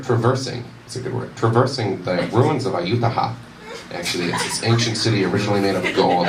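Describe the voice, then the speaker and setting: A young man telling a rambling, self-deprecating stand-up story at a university comedy night. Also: low voice. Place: university event room with audience. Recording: roomy echo, distant mic, audience noise.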